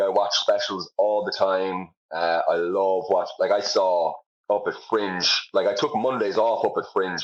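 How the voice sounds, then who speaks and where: A man's voice: low voice, lo-fi sound. A young Irish man, a comedian, chatting casually in an interview, self-deprecating, with lots of fillers. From Ireland. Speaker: comedian guest.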